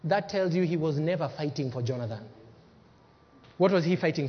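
A man preaching a sermon as pastor, emphatic, swinging between loud bursts and hushed lines. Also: fairly high pitch, animated, brisk, pauses often, slightly rough. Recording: dull lo-fi sermon recording with long hall reverb.

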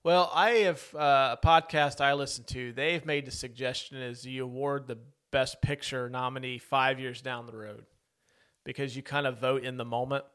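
Smooth-voiced man chatting about movies. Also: mid-range voice, fairly even intonation, normal speed, a bit bright. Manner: talkative, goes off on tangents. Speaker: podcast co-host. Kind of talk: casual movie-review chat.

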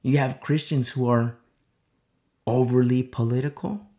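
A man preaching a sermon as pastor, swinging between loud emphatic lines and hushed near-whispers. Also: medium pitch, fairly even intonation, a little slow. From America.

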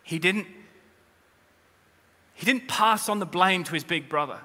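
Bright, forceful male preacher in a hall. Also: a little slow. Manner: emphatic preaching that swells to loud, high-pitched peaks; direct address to the congregation with humorous asides. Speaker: pastor. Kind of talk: sermon. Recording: long reverb of a large hall.

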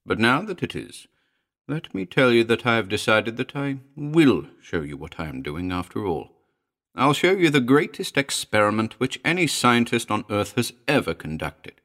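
A man's voice: mid-range voice, very animated, normal speed, a bit bright. A man voicing a proud, mocking male scientist in an audiobook, speaking with scorn and laughter in his voice. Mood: scornful. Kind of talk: audiobook character voice.

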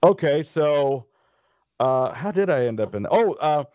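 A middle-aged man from Dallas telling stories in a casual interview, lively and acting out the people he quotes. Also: a little high, a little slow, dry recording, highs cut off. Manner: animated anecdote teller, acts out quoted people. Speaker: interview guest.

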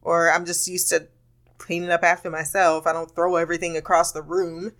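A woman's voice: fairly low pitch, level tone, brisk, a bit bright. A woman hosting a podcast, telling a rambling, candid story in a casual monologue with frequent laughter and swearing. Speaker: podcast host.

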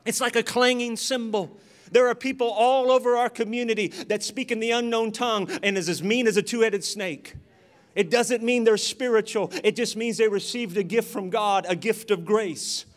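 High-voiced animated preacher man. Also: normal speed. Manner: animated, acts out voices in his stories. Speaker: pastor. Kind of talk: sermon with personal storytelling.

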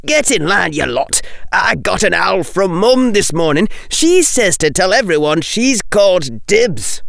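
A male narrator puts on a cocky schoolboy who talks loudly and brashly. The voice is lifted well above the reader's own. It is a dry, close recording. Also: sits high, sing-song, unhurried, gravelly, dry recording, pitched above the performer's own voice, full character voice. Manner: loud, brash. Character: loud, cocky red-haired schoolboy.

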